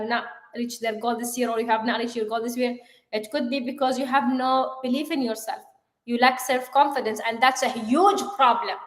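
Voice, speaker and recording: A high-pitched woman speaking earnestly and with emphasis, co-hosting a motivational live stream. She stops now and then to correct herself. The room around her is echoey. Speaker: co-host. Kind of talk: motivational live show talk.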